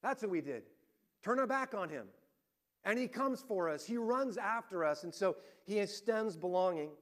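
High-voiced male pastor preaching. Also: normal speed. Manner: lively storytelling, swings between rising emphasis and hushed points. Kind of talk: sermon.

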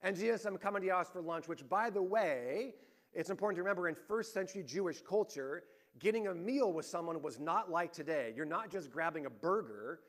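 A pastor with a notably high voice delivers a sermon a little fast, telling stories with energy. He climbs in intensity at key moments and drops almost to a murmur at others.

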